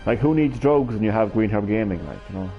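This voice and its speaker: A man's voice: fairly low pitch, animated, fast. Guy streaming, rambly and hyper-but-sleepy, dull lo-fi sound, faint game music under it. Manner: rambling, restless, swings between hyper and drowsy; swears casually, stammers and restarts. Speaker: live streamer. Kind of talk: rambling live-stream chat to viewers. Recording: slightly dull lo-fi stream audio.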